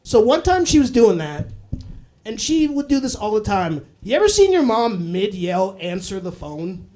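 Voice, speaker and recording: A man's voice: high voice, big pitch swings, moderate pace, mellow. A young adult man performing a live stand-up set, telling loose, profane stories broken up by acted voices. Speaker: stand-up comedian.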